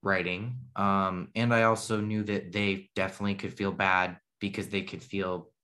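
A man's voice: deep voice, little pitch movement, moderate pace, pushed and bright. A man telling a story in casual chat, rambling and correcting himself, laughing at his own tale.

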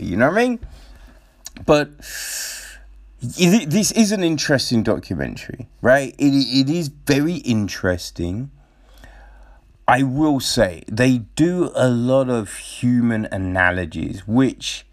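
A man's voice: mid-range voice, big pitch swings, slow pace. A man casually commenting on a nature documentary, swearing a lot and asking rhetorical questions.

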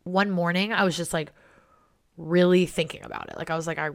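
A young woman hosting a casual solo podcast, chatty and excitable, swearing freely and filling her talk with "like". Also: lowish voice, fairly quick. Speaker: podcast host.

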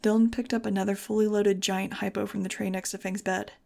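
Female audiobook narrator, first-person story, flat even delivery, mid pitch. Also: brisk, gravelly.

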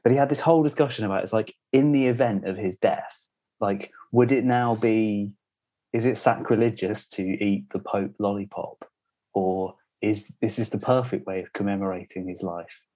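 A man's voice: on the low side, moderate pace, warm tone. A young adult man co-hosting a podcast, talking in a rambling, casual way full of fillers. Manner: rambling, filler-heavy banter. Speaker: podcast co-host. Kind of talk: casual chat.

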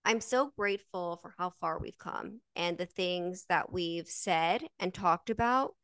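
A woman's voice: lowish voice, a little slow, a bit bright, smooth, no echo, clean studio sound. A woman co-hosting a podcast live, chatting upbeat and talking straight to her listeners. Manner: upbeat, addresses listeners directly. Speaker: podcast co-host. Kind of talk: casual live-stream chat.

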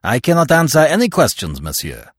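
A man's voice: a little high, huge pitch swings, a little fast, slightly rough, dry recording, clean studio sound, voice pushed up, full character voice. A man voicing a stiff, officious French guard who speaks curtly and formally. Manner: curt and formal.

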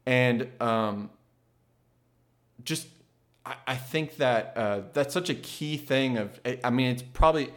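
An earnest man in an ordinary middle register shares his thoughts in a casual, reflective monologue. He thinks aloud and often restarts his sentences. He grows lively when he tells a story. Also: mid-range voice, slow pace, long pauses.

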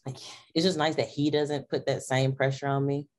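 A woman's voice: a bass voice, little pitch movement, normal speed, a little mellow. A young adult woman guesting on a podcast, chatting casually and animatedly, acting out her own remarks and laughing often. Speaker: powerlifter guest.

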